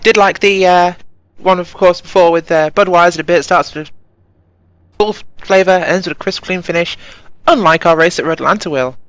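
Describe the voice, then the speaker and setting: A woman's voice: lowish voice, normal speed, dry recording. A woman co-commentating an online sim race, easygoing with dry humour.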